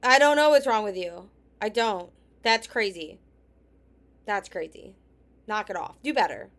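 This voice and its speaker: A woman's voice: medium pitch, lively intonation, unhurried, a bit bright. A woman hosting a reaction commentary, sarcastic and scolding, often dropping to a near whisper. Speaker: commentary host.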